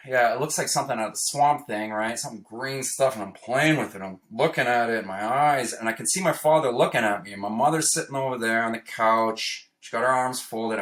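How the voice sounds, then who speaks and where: A man from Toronto telling a personal story in a casual, animated way. He acts out the quoted lines and tags his sentences with "right?". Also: medium pitch. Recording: roomy echo.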